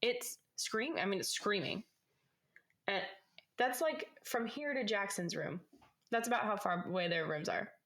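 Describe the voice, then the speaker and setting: A woman's voice: mid-range voice, animated, unhurried, fairly bright tone. A young woman co-hosting a podcast, musing and asking questions in casual true-crime chat. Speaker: podcast co-host.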